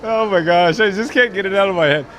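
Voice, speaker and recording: Brief: man, fairly high voice, live stream host, giggly and rambling, faint outdoor noise behind. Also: fast, a bit bright, a faint crowd. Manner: laughing helplessly, giddy and rambling. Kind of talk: casual live stream chat. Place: outdoors at a theme park.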